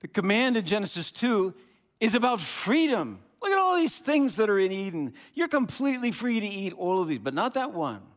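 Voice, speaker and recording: A man preaching a sermon as pastor, animated and conversational, often restarting and repeating words. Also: high voice, normal speed. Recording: long hall reverb.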